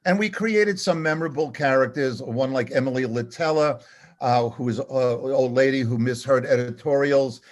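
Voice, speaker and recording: An older man, a comedy writer, telling an animated, self-deprecating anecdote and acting out the dialogue. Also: mid-range voice, normal speed. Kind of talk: storytelling anecdote.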